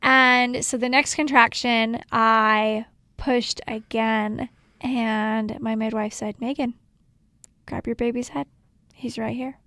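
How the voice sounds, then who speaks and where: A woman podcast co-host casually telling her own story, animated, acting out quotes and laughing often. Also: a little high, slow, no room sound.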